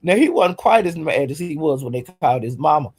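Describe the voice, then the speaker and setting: Male livestream host with a slightly high, husky voice. He tells gossip with frequent laughter and talks straight to his chat. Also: very animated, brisk, a little mellow. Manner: laughs often, talks to chat as "y'all", "honey" and "child". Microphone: home streaming setup.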